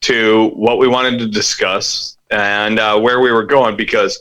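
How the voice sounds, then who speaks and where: A man co-hosting a podcast from a hotel room, chatting in a calm, measured way. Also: fairly low pitch, poor audio. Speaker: podcast co-host. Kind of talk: casual chat.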